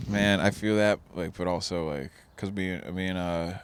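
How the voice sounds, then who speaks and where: A young man talks in a loose, rambling way, plainly high, with plenty of swearing and laughter. His voice sits low. Faint outdoor ambience hangs behind him. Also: steady tone, normal speed, slight background noise. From New Jersey. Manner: rambling, laid-back, swears a lot, laughs often. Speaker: guest comedian. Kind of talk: casual chat. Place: outdoors on a porch.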